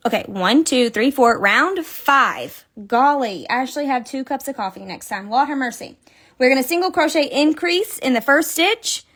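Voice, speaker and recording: A young woman hosting a casual live crochet tutorial, chatty, counting stitches aloud and laughing often. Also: fairly high pitch. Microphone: phone.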